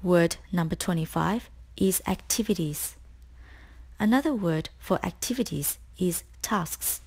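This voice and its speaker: A woman tutor reading a scripted spelling lesson, explaining each word slowly and clearly. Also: fairly low pitch, a little mellow. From Australia. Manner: slow, clear, deliberate explanations.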